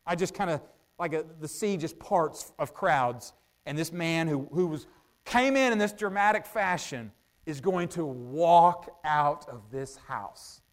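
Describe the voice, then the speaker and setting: A man preaching a sermon in a conversational way, asking his listeners rhetorical questions and pausing often with "uh" as he thinks out loud. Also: a little high, animated. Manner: thinks out loud with frequent "uh" pauses.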